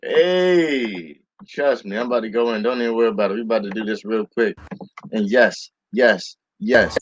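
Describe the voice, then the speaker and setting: A man's voice: fairly low pitch, moderate pace, dry recording. Playful hype man on dull lo-fi audio. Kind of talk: hyped livestream banter.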